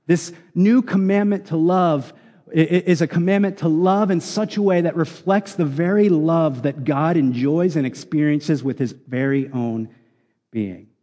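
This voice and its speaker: A man's voice: fairly high pitch, measured pace, mellow, long reverb tail. A man preaching a sermon, explaining scripture in an earnest, emphatic teaching manner with frequent restarts. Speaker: pastor.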